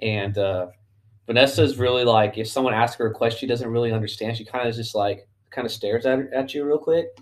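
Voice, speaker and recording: Man, podcast co-host, casual chat, rambling anecdotes, laughs a lot, mid pitch. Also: a little fast. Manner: rambling storyteller, laughs often. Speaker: youth flag football coach.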